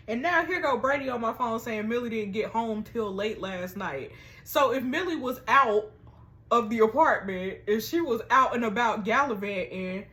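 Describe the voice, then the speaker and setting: A fairly high-pitched woman reads a story made of text messages and reacts as she goes. She is animated and sassy. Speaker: story reader and host.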